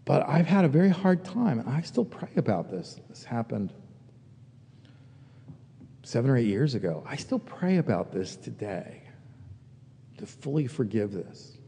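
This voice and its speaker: A man's voice: medium pitch, sing-song, a little slow, vocal fry, pauses often, dark tone, slightly rough. Reflective male pastor in a reverberant hall. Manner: reflective, builds to emphatic peaks. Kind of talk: sermon.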